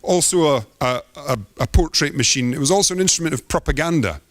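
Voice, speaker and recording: A man's voice: fairly high pitch, quick pace, no room sound. A man giving a theatrical, poetic performance talk as an artist on stage.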